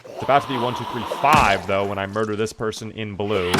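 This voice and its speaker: A young man casually comments on a live game stream while playing, joking, swearing, and responding to chat. His voice is fairly low and a little fast, and the stream audio is noisy with clicks.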